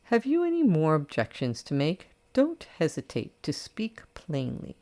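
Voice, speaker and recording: A woman's voice: low voice, huge pitch swings, measured pace, warm tone, heavily acted. A woman reading an audiobook, voicing a wealthy older woman who answers her critics in a dry, self-assured and cutting way. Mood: sardonic.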